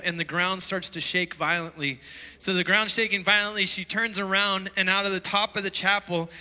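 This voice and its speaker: High, bright-voiced man preaching. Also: long reverb tail, low-quality recording. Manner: storytelling, emphatic rising calls to wake up. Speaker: pastor. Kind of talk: sermon. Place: church hall.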